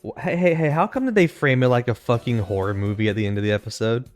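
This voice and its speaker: A man's voice: medium pitch, soft background music. Joking male podcast co-host. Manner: joking, swearing, quick interjections. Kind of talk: casual chat.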